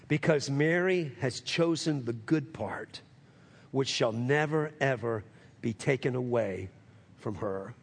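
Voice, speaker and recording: Male pastor, husky voice, sermon delivery with big swings from loud to hushed. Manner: rising to emphatic highs, dropping to hushed lows; calls for amens from the congregation.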